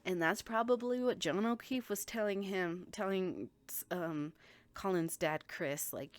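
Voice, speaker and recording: A woman's voice: fairly low pitch, measured pace. A woman giving a blunt, profane intuitive reading, talking emphatically as she reads the energy of the people involved. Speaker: spiritual reader.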